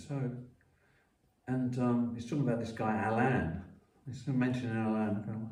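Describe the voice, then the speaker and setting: A man's voice: mid-range voice, level tone, moderate pace, pauses often, a little mellow. Rambling, profane man in his 60s. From London. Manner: profane, repetitive, many restarts and coughs. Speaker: podcast guest. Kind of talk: rambling casual storytelling. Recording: roomy, distant mic.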